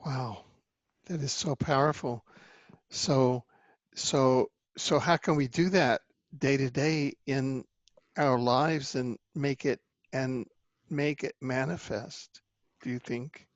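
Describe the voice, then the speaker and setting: A man hosting a spiritual interview, speaking slowly and affirming his guest. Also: medium pitch, fairly even intonation, no room sound. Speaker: interview host. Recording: dry, dull lo-fi recording.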